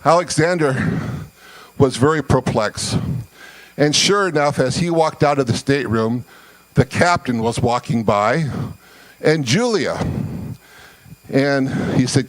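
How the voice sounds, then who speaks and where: A folksy male storyteller originally from Scotland, telling long jokes at an easy, chatty pace. His voice sits mid-range, and he builds slowly toward each punchline with drawn-out pauses. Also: mid-range voice, rough recording. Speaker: comedian. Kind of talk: storytelling joke.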